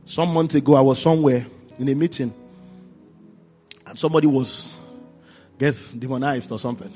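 A male pastor preaching a sermon, swinging from quiet storytelling to shouted declarations. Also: mid-range voice, normal speed, soft background music.

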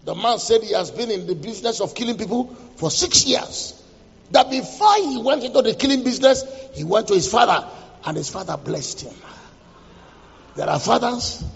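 A pastor gives a dramatic sermon testimony, his high voice leaping about in pitch. The tone is raspy and gravelly, and he quotes scripture as he swings from loud to hushed. He sounds distant in a long-echoing hall on a dull, muffled recording. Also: sing-song, moderate pace.

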